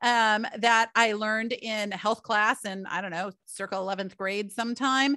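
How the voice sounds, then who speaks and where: Bright, chatty woman podcaster. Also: mid-range voice, fairly even intonation, measured pace, no room sound, studio quality. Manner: chatty, storytelling, addresses listeners as "you guys" and "y'all". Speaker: podcast host. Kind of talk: solo podcast monologue.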